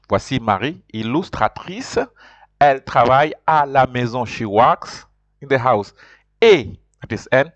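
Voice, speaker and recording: A man gives an informal beginner French lesson, explaining and pronouncing, hesitant and full of fillers and repeated words, slowing down to repeat French words for practice. His voice is medium-pitched. It's a dull, lo-fi home recording without room sound.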